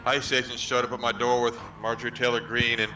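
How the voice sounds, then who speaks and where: A man's voice: mid-range voice, monotone, fairly quick, recorded from a distance, music in the background, rough recording. A man just joining voice chat, rambling through an absurd joking excuse. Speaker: league racer joining chat. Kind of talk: casual chat.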